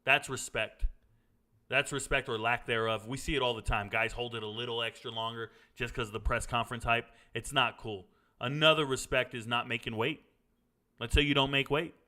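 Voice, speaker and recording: A man's voice: medium pitch, steady tone, normal speed, bright, forceful tone. A middle-aged man hosting a casual sports Q&A, blunt and opinionated, wandering into stories. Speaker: sports commentary host answering viewer questions. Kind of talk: casual live Q&A chat.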